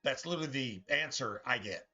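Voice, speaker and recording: Brisk and animated at medium pitch, this man's voice is pushed and bright, in lo-fi sound with soft music underneath. He streams a game while ranting bitterly, swearing a lot, and stumbling over restarts.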